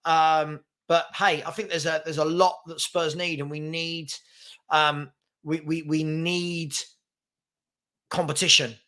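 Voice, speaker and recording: A man hosting a live football chat, reading out viewer comments in an animated, casual way, full of fillers and stammered restarts. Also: on the high side. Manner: chatty and animated, quick to call out rude commenters. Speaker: host of a daily football chat stream.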